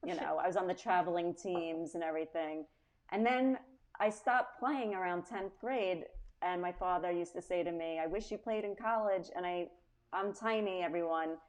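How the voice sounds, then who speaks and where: A woman's voice: fairly low pitch, moderate pace. A woman with a strong Long Island accent, talking as a guest on a comedy chat show. She tells her stories with energy and slips into the voices of the people she quotes. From Long Island, New York. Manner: animated storytelling, acts out quotes. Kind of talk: casual chat.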